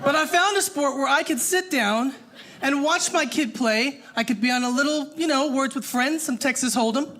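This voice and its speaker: A woman performing a stand-up comedy set on stage, animated and acting out the people in her stories. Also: sits high, normal speed. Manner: animated, acts out voices. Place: stage before a live audience. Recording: noisy live comedy room.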